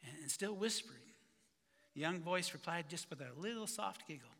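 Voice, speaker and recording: A man preaching a conversational sermon as a pastor, halting and restarting his phrases. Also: a little high, expressive, gravelly, bright, forceful tone, long reverb tail.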